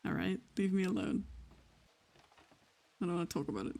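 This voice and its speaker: A woman's voice: on the low side, sing-song, a little fast, gravelly, darkish tone. A Welsh woman trading jokes with the other players of a tabletop game on a live stream. She laughs at almost everything, swears with ease and teases back. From Wales. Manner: laughs often, swears freely, teasing. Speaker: tabletop role-play player. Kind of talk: casual banter on a live stream.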